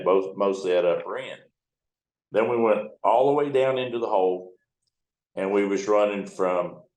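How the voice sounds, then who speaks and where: Man in his 70s, towboat captain, folksy, profane storytelling, lowish voice, roomy echo. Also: a little mellow. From United States. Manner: folksy, profane yarn-spinning. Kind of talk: storytelling interview.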